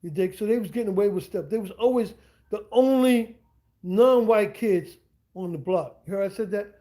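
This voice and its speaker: A man's voice: high voice, moderate pace, mellow. A middle-aged man talking casually on a livestream from home, rambling and repeating himself with slangy asides to his viewers. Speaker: streamer and language teacher. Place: at home indoors.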